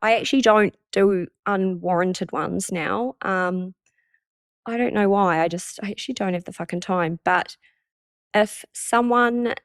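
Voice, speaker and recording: A woman's voice: mid-range voice, a little slow, dry recording, studio quality. A woman hosting a solo podcast, talking in a chatty, candid way and swearing casually. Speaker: podcast host.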